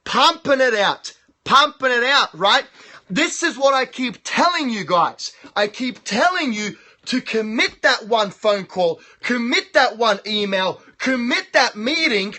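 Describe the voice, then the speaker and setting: Hyped, profane Australian man, very high voice. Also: expressive, unhurried. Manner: loud, boastful, profane hype talk. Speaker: live streamer. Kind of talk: hyped live-stream monologue. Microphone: phone live stream.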